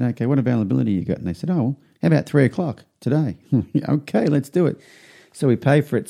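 Gravelly man telling stories. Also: dark tone. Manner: rambling anecdotes, acts out quotes in a higher voice. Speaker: podcast host. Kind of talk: casual storytelling.

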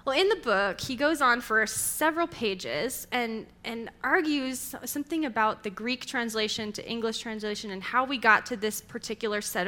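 Bright-voiced young woman preaching. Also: fairly high pitch. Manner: conversational storytelling, animated. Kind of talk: sermon.

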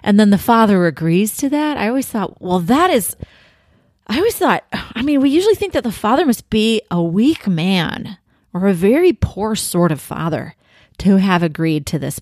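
A woman's voice: mid-range voice, animated, normal speed, a little mellow, no room sound, clean studio sound. A woman giving an enthusiastic, thoughtful book review in a casual talk, with some restarts.

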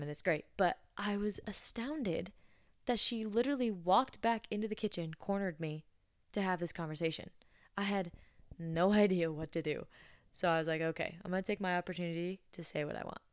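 A woman in her twenties hosting a podcast, telling funny stories from her coffee shop job in a casual, animated way and acting out the dialogue. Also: fairly low pitch, no echo, studio quality. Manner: animated, breathy laughs, acts out dialogue. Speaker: podcast host. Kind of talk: casual storytelling.

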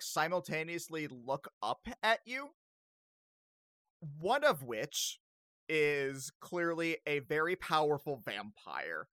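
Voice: mid-range voice, a bit bright, no room sound. A game master narrating a tabletop game, rambling with lots of fillers.

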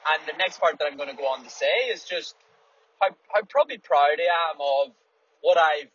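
A man's voice: on the high side, moderate pace, a bit bright, husky, no echo. Candid man talking while driving. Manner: candid, rambling, swears freely. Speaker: distance runner and podcast host. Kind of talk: casual reflective monologue. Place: small car, driving. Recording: dull audio, faint road noise.

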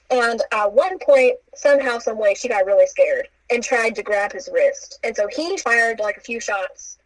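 A woman's voice: on the high side, dry recording, rough recording. A young woman casually recounting a story, acting out the quoted lines with playful asides. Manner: animated, acts out quotes with playful asides and laughs.

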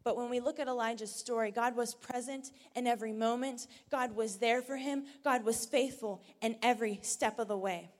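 A woman's voice: fairly high pitch, steady tone, moderate pace, hardly any pauses, long reverb tail. Earnest woman preaching a sermon. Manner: earnest, swings from raised emphasis to hushed near-whisper. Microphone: handheld mic.

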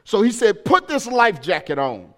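A man preaching a sermon as pastor, telling a personal story and building up to shouted, emphatic preaching. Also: high-pitched, very animated, normal speed.

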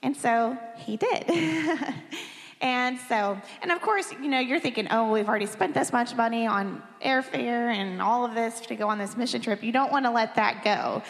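A woman's voice: on the high side, moderate pace, vocal fry. A woman in her thirties, a pastor, telling a candid and emotional personal story during a sermon, with light laughs between phrases. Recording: long hall reverb.

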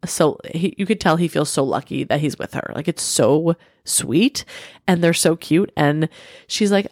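A woman's voice: lowish voice, a little slow, a little mellow, dry recording, clean studio sound. Chatty woman in her thirties. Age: 30s. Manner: chatty, rambling, heavy "like" filler. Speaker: podcast co-host. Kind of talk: casual chat.

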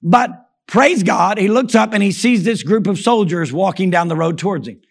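A man preaching a sermon, emphatic, calling out "Amen?" and swinging from shouts to low, soft asides. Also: expressive, normal speed. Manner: emphatic preaching, repeated call-and-response "Amen?"; acts out quoted voices in anecdotes. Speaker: pastor.

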